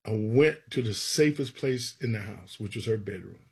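A man's voice: lowish voice, moderate pace, creaky, husky. A man, a gospel songwriter, telling stories from his life in an interview and acting out the people he quotes. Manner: animated storyteller who acts out quotes. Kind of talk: storytelling interview.

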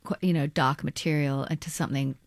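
Low, gravelly-voiced woman from Australia. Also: fairly even intonation, no echo. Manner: halting, hesitant, with many restarts. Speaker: guest actor. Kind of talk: casual interview talk.

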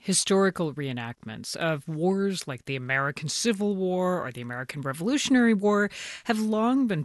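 A woman's voice: fairly low pitch, no echo. A woman hosting a radio news program, interviewing a correspondent and reading introductions in a composed, polished way. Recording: dry studio sound.

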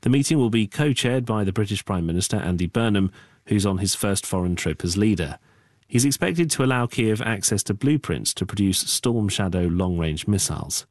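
A man reading a radio news bulletin in a measured, formal way. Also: lowish voice, a little mellow, dry recording, studio quality. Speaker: newsreader.

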